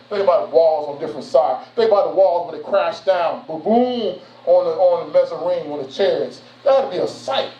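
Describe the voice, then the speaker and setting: Male preacher, casual slangy sermon, muffled distant recording. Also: a little high. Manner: animated, conversational street slang. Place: church sanctuary. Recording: echoey room from far off, muffled.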